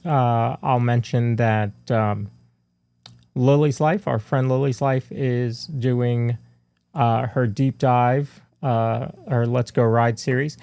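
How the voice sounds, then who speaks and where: A man with a gravelly, creaky voice co-hosts a live fan podcast. he rambles casually through announcements, full of fillers and restarts. the sound is dry and close, with no room in it. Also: mid-range voice, darkish tone, no echo. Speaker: podcast co-host.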